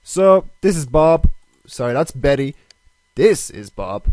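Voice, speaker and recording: A man's voice: on the high side, sing-song, takes it slowly, no echo. A man with a stuffy, nasal voice from a cold, hosting a rambling, self-mocking let's play commentary. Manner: rambling, self-mocking, drifts between loud and mumbled asides. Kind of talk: casual gameplay commentary.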